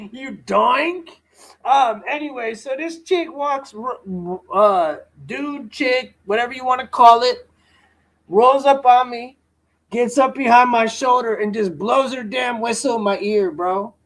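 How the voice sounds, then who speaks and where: Live-stream host, male, very high voice, slow unhurried delivery, profane and slangy. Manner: profane, slangy, rants full of "bro" and "dude". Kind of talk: casual rambling storytelling.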